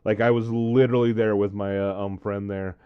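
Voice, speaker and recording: A man's voice: fairly low pitch, flat delivery, a little fast, clean tone, lo-fi sound. A man telling a long personal story on his vlog in a casual, rambling way, with many fillers and "uh, um"s. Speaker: vlogger.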